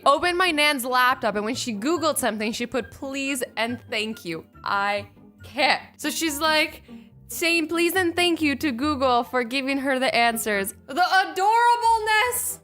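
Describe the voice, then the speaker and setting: A young woman hosting a casual reaction video, expressive and playful, slipping into quick voices for the people she reads about. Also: high-pitched, faint music behind. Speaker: YouTube reaction host.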